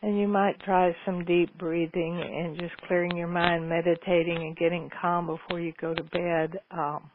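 A woman's voice: on the low side, little pitch movement, moderate pace, few pauses. Homey woman on lo-fi radio. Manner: homey, folksy, meandering with many ums. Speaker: radio show host answering listener questions. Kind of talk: casual call-in advice talk. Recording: phone-like lo-fi radio with faint noise.

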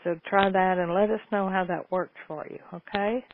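A radio show host answers listener questions on a casual call-in advice show, her talk homey, folksy, and meandering. Her mid-range voice has fairly even intonation and moderate pace, heard through phone-like lo-fi radio with faint noise.

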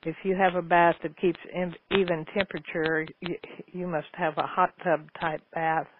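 A woman's voice: on the low side, level tone, moderate pace. A woman hosting a call-in advice show, talking in a homey, folksy, meandering way. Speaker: radio show host answering listener questions. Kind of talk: casual call-in advice talk. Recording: phone-like lo-fi radio with faint noise.

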